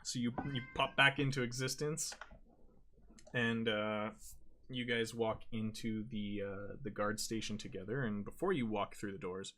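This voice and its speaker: A man narrating as dungeon master, halting often and correcting himself as he goes. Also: lowish voice, steady tone, sharp tone, slight background noise. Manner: halting, frequent restarts and self-corrections. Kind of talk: narrating a tabletop game.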